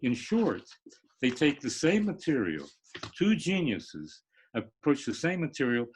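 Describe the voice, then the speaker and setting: An older male literature professor gives a lecture-style discussion on an online live stream, his husky voice on the low side. His delivery rambles and halts, full of fillers and restarts, and he sometimes sings rhythms.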